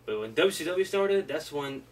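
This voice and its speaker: A man's voice: fairly high pitch, expressive, normal speed. A man co-hosting a casual wrestling history chat, rambling loosely and swearing now and then. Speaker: podcast co-host. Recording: distant mic with faint room noise.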